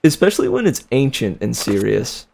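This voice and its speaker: A man's voice: medium pitch, big pitch swings, normal speed, gravelly, darkish tone. A man in his twenties who reads books aloud on a livestream, chatting casually with viewers in a rambling, slangy way and laughing often. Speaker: livestream book reader.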